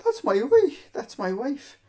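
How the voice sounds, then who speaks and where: A man's voice: very high voice, huge pitch swings, slow, darkish tone, voice pushed up, exaggerated voice. A man voicing a flustered German husband in a mock German accent, yelping in broken English. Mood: shocked.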